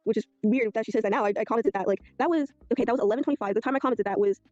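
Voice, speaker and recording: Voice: mid-range voice, very fast, darkish tone, no room sound, muffled recording. A video creator rambling through a dispute, reading old messages aloud. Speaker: video creator telling a story. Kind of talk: casual storytelling recap.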